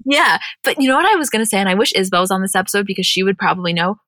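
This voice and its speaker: A young woman co-hosting a podcast in casual, chatty, animated talk that includes casual swearing. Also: medium pitch, very fast, no echo. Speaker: podcast co-host. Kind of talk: casual chat.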